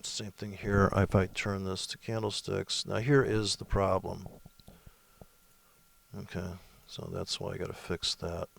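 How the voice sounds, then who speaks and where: A man's voice: low voice, level tone, a little slow, creaky. A man giving a casual screen-share trading tutorial, rambling through it with sarcastic, crude asides. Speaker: forex trading presenter.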